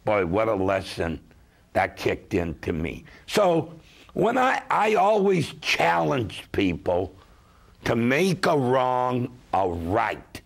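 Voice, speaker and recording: This creaky, medium-pitched voice belongs to a middle-aged consumer advocate swapping stories in talk-show chat. His delivery is slow and emphatic, and he spins his tales with real liveliness.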